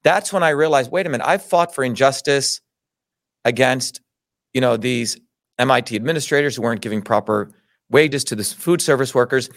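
A man's voice: mid-range voice, a little fast, vocal fry, fairly bright tone, no echo, clean studio sound. A middle-aged man telling his own story in an interview, indignant, emphatic and full of swearing. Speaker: interview guest. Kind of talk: heated personal storytelling.

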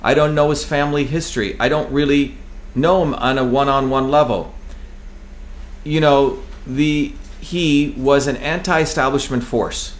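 A man's voice: mid-range voice, fairly even intonation, a little slow. A man from New Jersey speaking in a heated, emphatic political talk, swearing freely and hammering on repeated phrases.

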